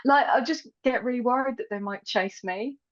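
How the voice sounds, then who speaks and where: A woman's voice: fairly high pitch, normal speed, muffled recording, a loud crowd. A woman guest on a podcast, chatting casually and giggling at herself. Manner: giggly, self-deprecating. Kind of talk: casual chat.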